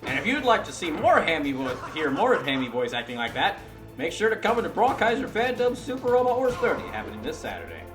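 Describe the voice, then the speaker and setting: British guy chatting over a game stream, keeps restarting sentences, kinda high voice, echoey room. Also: wildly swooping pitch, quick pace, over music. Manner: rambling, self-correcting, chatty. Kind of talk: casual gameplay commentary.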